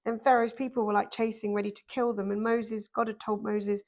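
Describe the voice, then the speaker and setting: A woman, a podcast guest telling a personal story in an animated, emphatic way. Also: on the high side, a little fast, muffled recording. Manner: animated, emphatic, acts out quoted voices. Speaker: podcast guest, dancer and author.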